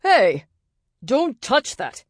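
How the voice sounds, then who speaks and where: A woman voicing a big, gruff, hot-tempered shapeshifter man in an audiobook, barking his lines. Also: high voice, huge pitch swings, very slow, no echo, studio quality, pitched above the performer's own voice, exaggerated voice. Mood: angry shouting. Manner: barking, snarling.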